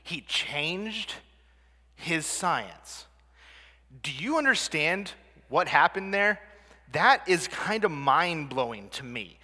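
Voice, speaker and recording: Bright-voiced man speaking in a hall. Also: fairly high pitch, sing-song, takes it slowly. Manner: conversational, asks the audience questions. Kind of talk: presentation to a live audience. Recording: long reverb of a hall.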